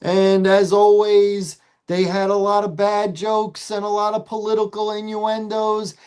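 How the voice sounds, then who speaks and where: Measured man recapping award news. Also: high-pitched, completely flat delivery, a little mellow, clean tone. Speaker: podcast co-host. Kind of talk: casual podcast chat.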